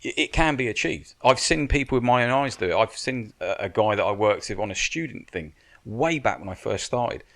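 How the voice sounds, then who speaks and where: A man's voice: medium pitch, lively intonation, fairly quick, few pauses, fairly bright tone. A man giving casual podcast advice as a guest, frank and blunt, swearing and restarting his sentences often. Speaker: stunt coordinator and military adviser, guest.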